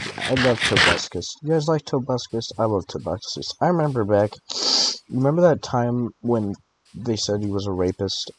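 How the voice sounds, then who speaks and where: A man's voice: low-pitched, poor audio. An eighteen-year-old man rambling through late-night gameplay commentary, tired and groggy from allergy pills, with drowsy joking asides. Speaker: gaming channel host. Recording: clicking noise over the voice.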